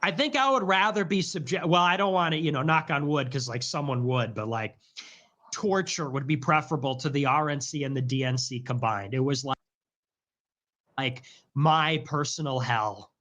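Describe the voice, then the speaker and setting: A man's voice: medium pitch, moderate pace, a bit bright. A man in casual livestream chat, joking and rambling with frequent laughter.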